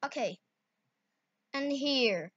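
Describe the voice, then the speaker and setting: Slow, bright-voiced excitable woman. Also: high-pitched, breathy edge. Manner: excitable exclamations, broken English. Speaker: video editing tutorial maker. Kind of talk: casual screen-recorded tutorial. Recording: dull lo-fi recording.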